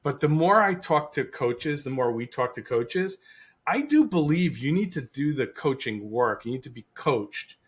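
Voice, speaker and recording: Podcast co-host, male, lively delivery with many restarts, casual call chat. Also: medium pitch, normal speed. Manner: animated, restarts often, acts out quoted voices.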